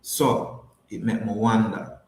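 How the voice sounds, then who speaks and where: A man's voice: lowish voice, steady tone, slow pace, a little mellow, reverberant. A man with a Jamaican accent hosting a podcast, chatting casually with viewers and repeating his points for emphasis. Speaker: podcast host. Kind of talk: casual livestream chat, answering viewers.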